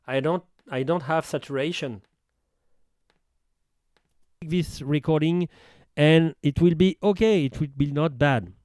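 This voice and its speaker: A middle-aged man with a French accent walks through an audio recorder tutorial in halting, self-correcting English. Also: a little high, darkish tone, no room sound, clean studio sound. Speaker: audio gear reviewer. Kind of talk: hands-on equipment tutorial.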